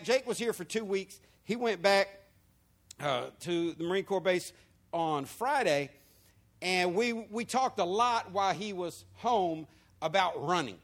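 A male pastor preaching a sermon, moving between quiet asides and loud, emphatic points. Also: high-pitched. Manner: lively preaching with swings from soft to loud.

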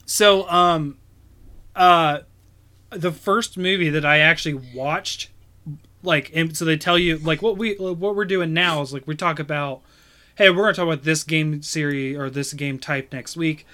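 Rambling man with a bright voice. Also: a little high, fairly even intonation, a little slow. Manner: rambling, lots of fillers and restarts. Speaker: podcast host. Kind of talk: casual chat.

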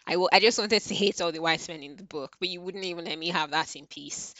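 A woman's voice: on the low side, quick pace, hardly any pauses, a bit bright, no room sound. A woman ranting casually about a book she read, heated and exasperated, swearing often, with many fillers. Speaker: book reviewer. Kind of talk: casual book review rant.

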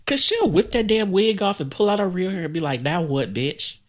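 A man's voice: high-pitched, big pitch swings, fast talker. A man co-hosting a podcast in casual chat, sassy and profane. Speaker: podcast co-host.

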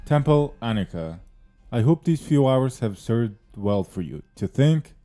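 A man plays a stern interrogator who presses for a confession in measured, formal speech. His voice is deep-toned and mellow, with faint music underneath. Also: sing-song. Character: stern male interrogator, officious and persistent. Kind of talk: audio drama acting.

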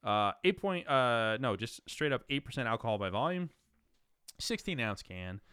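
A man's voice: medium pitch, big pitch swings, normal speed, bright, forceful tone, clear, resonant tone, no room sound, clean studio sound. A man hosting a casual beer-tasting show, rambling and joking with lots of fillers and restarts. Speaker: podcast host. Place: room in New Jersey.

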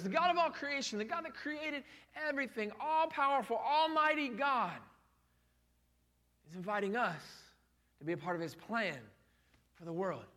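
A man's voice: very high-pitched, sharp tone. A man preaching a sermon in a conversational way, with emphatic repetition and rhetorical questions. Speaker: pastor.

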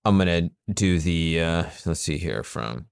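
A young man co-hosting a podcast in a casual chat, rambling and halting with lots of "uh" fillers. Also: low voice, expressive, gravelly, clean tone, no room sound, clean studio sound. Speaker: podcast co-host.

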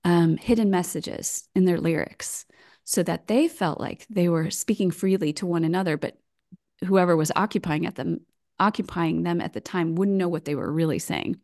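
A woman talking as a guest on a podcast over a video call, chatty and quick to laugh. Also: lowish voice, a little mellow. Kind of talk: casual interview chat.

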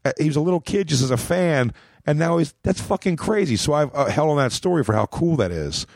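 A man's voice: on the high side, lively intonation, a little fast, vocal fry, a little mellow, no room sound, studio quality. A man with an American accent, a comedian telling a long backstage story in a rambling, profane way on a podcast. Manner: rambling, profane, acts out quotes in a raised voice.

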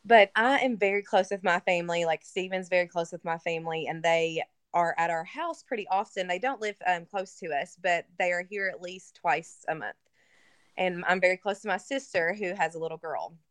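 A woman's voice: fairly low pitch, normal speed, a bit bright, dry recording, studio quality. A woman guest in a conversation, telling an emotional personal story in a casual way with many fillers. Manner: casual, filler-heavy, earnest. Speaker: interview guest. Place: lives in Kentucky.

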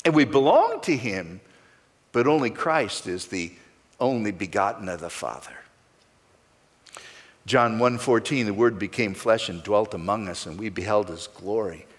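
Man preaching with big sweeping pitch swings. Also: in a large hall. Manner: preaching with sweeping rises and falls, stressing key words. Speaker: pastor. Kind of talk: sermon.

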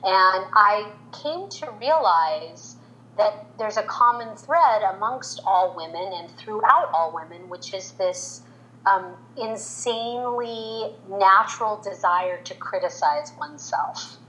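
A woman's voice: slow, dull audio. A woman in her forties, a veteran makeup artist, telling a personal story in an interview and acting out the quoted lines. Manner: animated, acts out quotes in higher voice.

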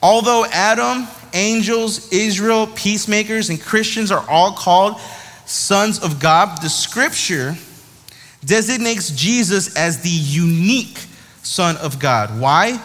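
A man giving a sermon in a lively, conversational way, often tossing in "right?" to his listeners. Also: sits high, a little slow. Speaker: preacher. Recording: long hall reverb.

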